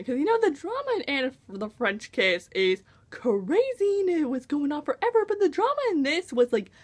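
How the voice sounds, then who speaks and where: A woman's voice: sits high, sing-song, normal speed, hardly any pauses. A young woman reviewing a book in a casual vlog, gushing and exasperated, full of exclamations.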